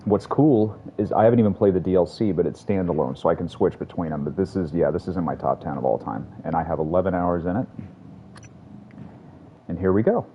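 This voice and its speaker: A man's voice: low-pitched, fairly quick, a little hiss or hum. A man streaming a video game, rambling casually and joking about himself as he plays. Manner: rambling, self-deprecating, drawling. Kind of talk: casual gameplay commentary. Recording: dull lo-fi audio with faint game music.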